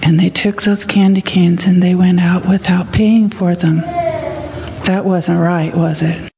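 A woman's voice: on the low side, fairly even intonation, a little slow, creaky, noisy background. An older woman telling a story as a children's sermon, asking the children questions as she goes. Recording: echoey hall.

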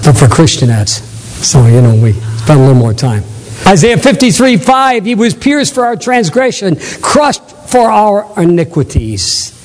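A man's voice: fairly high pitch, darkish tone, big-room sound, poor audio. A male pastor preaching a sermon with exuberance, prompting the congregation to call back answers. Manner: exuberant, calls for audience responses. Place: church sanctuary.

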